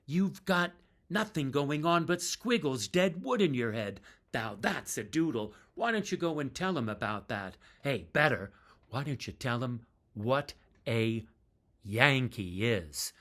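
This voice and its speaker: A man putting on a cranky, indignant male folk singer who rails loudly at his stage partner. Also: mid-range voice, lively intonation, measured pace. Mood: ranting. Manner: loud, railing, jabbing ranting.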